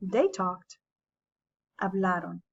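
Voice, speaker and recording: A woman teaching a language lesson, explaining grammar step by step in a patient, measured way. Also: mid-range voice, lively intonation, vocal fry, highs cut off. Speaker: Spanish teacher. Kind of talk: classroom lesson narration.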